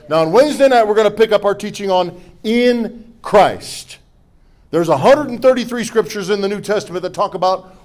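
A middle-aged pastor with a high voice delivers a sermon. He reads scripture and leads the congregation in call-and-response, with humorous asides and forceful declarations along the way.

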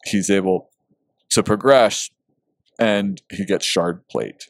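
A man's voice: low voice, steady tone, dry recording. Guy chatting about a book, earnest, gets emotional, lots of ums, dry close mic. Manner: earnest, emotional, halting with fillers. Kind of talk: casual book discussion.

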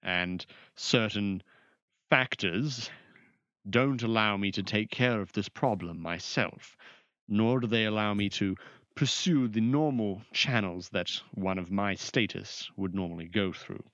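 A man's voice: lowish voice, a little slow, fairly bright tone, no room sound, muffled recording. A man playing a haughty, formal male royal advisor in a tabletop game, with stiff and pompous diction. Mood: grave.

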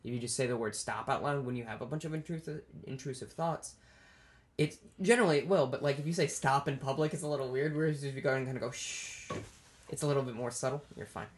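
A chatty speaker talking frankly in a loose, casual conversation, swearing offhandedly and breaking into laughs. The voice sits at a middle pitch. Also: rapid-fire. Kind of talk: casual podcast chat.

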